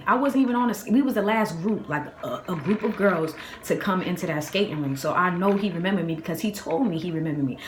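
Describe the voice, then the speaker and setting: A young woman with a Boston accent telling a casual storytime, slangy and animated, acting out quotes in a raised voice. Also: medium pitch. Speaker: vlogger. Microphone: phone camera. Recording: echoey room with faint ambient noise.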